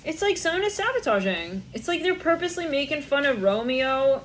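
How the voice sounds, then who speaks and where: A woman's voice: high voice, sing-song, a little fast. A young woman giving a channeled tarot reading, rambling in a stream of consciousness, swearing and laughing often. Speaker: tarot reader.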